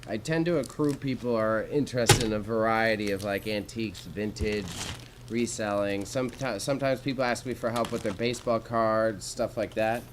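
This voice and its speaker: A man's voice: fairly low pitch, moderate pace, a little hiss or hum, low-quality recording. A young Canadian man with a Canadian accent, chatting casually and with slang to viewers during a livestream while he sorts jewelry. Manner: laid-back, slangy, swears casually, chats with viewers.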